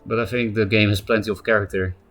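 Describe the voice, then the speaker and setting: Guy streaming, kinda low voice, rambly, um uh a lot, quiet music in the back. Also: steady tone, fast. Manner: rambling, thinking aloud with fillers. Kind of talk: casual live-stream commentary.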